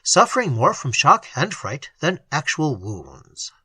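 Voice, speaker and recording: A narrator voicing a calm male doctor who speaks quietly, with measured, decisive authority. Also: medium pitch, husky, dry recording, full character voice.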